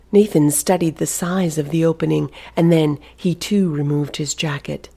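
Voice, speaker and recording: A narrator reading a suspenseful novel aloud, in a hushed delivery that often drops to a whisper. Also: medium pitch, creaky. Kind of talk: audiobook narration.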